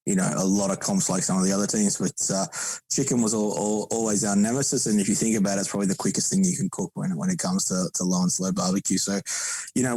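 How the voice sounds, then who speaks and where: A man's voice: lowish voice, darkish tone, dry recording, poor audio. A man chatting casually as a podcast guest, rambling with frequent restarts. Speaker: podcast guest, barbecue competitor.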